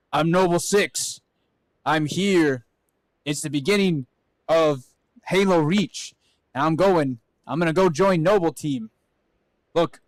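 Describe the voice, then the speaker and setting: A man's voice: a little high, dry recording, poor audio. A man streaming as a VTuber, chatting casually and joking around with his viewers. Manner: playful, joking, swears freely. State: out of breath. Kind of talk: casual live stream chat.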